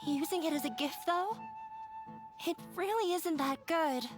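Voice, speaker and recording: A shy, insecure young woman with a high, slow, hesitant voice that stammers. Loud music plays under this game audio. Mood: flustered.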